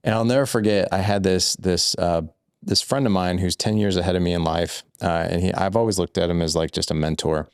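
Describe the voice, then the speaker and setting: A man's voice: sits low, fairly even intonation, a little fast, clean tone, no room sound, clean studio sound. A man who is a guest on a podcast, telling a personal story in loose, candid conversation, full of "like" and "I was like". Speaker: podcast guest, fatherhood coach.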